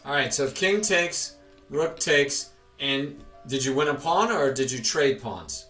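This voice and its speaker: A man's voice: mid-range voice, expressive, a little slow, sharp tone, soft background music. A man teaching a chess lesson, patiently quizzing his student with questions, recorded with room echo from a distance.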